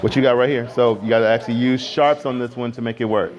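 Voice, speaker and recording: A man teaching a music class, keeping students on task with firm, brisk directions and some playful teasing. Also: medium pitch, fairly even intonation, dull audio. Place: school classroom. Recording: noisy classroom with students chattering.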